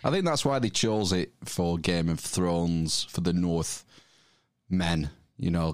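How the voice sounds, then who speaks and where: A man's voice: low voice, unhurried, dry recording, studio quality. A man with a Northern English accent chatting casually on a podcast, hesitant with plenty of ums and restarts. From Northern England. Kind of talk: casual chat.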